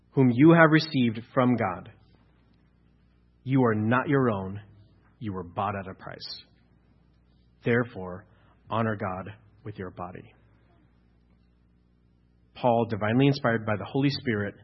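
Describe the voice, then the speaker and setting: Husky-voiced man preaching a sermon. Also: mid-range voice, lo-fi sound. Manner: preaching with rising, emphatic exhortation. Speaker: pastor.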